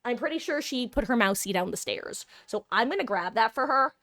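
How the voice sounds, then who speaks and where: A woman's voice: a little high, animated, brisk, a bit bright. Young woman, twenties, casual live-stream host; loose, chatty, self-deprecating.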